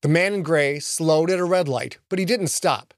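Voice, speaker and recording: A man narrating an action audiobook in an expressive storytelling manner. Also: a little high, normal speed, no echo, studio quality.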